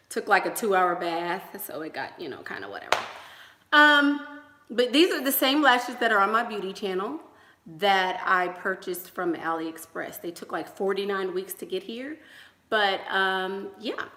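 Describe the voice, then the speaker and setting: A chatty, emphatic woman talks slowly and loosely on a home livestream, her voice bright and a little forceful. She laughs between thoughts and leans hard on key words. The room around her is echoey. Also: medium pitch, animated, slight background noise. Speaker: relationship coach. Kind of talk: casual livestream chat.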